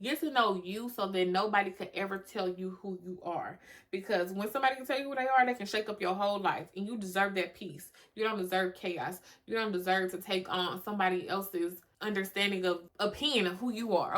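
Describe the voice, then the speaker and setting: This podcast host, a young adult woman, speaks a little fast in a mid-range voice that sounds pushed and bright. On her solo motivational show she talks with strong feeling and emphasis, repeating lines and cursing casually.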